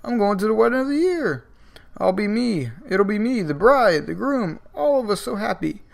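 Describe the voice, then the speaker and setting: A guy putting on an unhinged clown villain, shrill and giddy, shooting way up in pitch. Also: sing-song, moderate pace, creaky, heavily acted. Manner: giddy, shrill, swooping up high.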